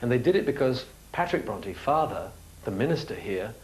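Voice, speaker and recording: A man's voice: mid-range voice, sing-song, moderate pace, a little mellow, slightly rough, low-quality recording. Enthusiastic man presenting a travel show. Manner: enthusiastic, chatty.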